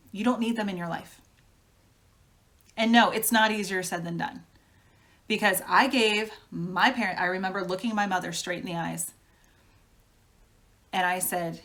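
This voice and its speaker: A woman's voice: medium pitch, a bit bright. Frank, chatty woman reading tarot. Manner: frank, chatty, laughs often. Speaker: tarot reader.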